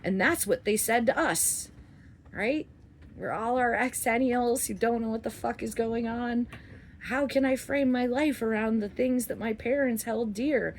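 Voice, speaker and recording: A woman in her forties talking to her viewers in a candid, rambling monologue, cursing freely and swinging between loud outbursts and soft asides. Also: fairly high pitch, unhurried, a little hiss or hum. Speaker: vlogger. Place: outdoors under a flight path.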